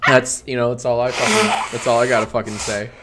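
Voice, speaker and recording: A young adult man streaming, joking around in comedic banter, swearing constantly with playful mock bravado and breaking into loud heckling boos. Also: mid-range voice, level tone, fairly quick, very noisy.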